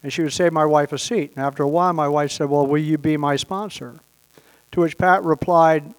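At a recovery meeting, a man tells a long story about his own life with dry humor, dropping into quick little voices to quote other people. His voice is slightly high with fairly level intonation, and he talks briskly.

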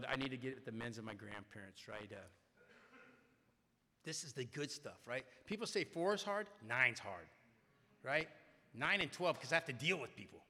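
A man's voice: medium pitch, pushed and bright, in a large hall. A middle-aged man telling a personal story to a meeting, chatty and often asking "right?". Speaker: recovery meeting speaker. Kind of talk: personal story told to a crowd.

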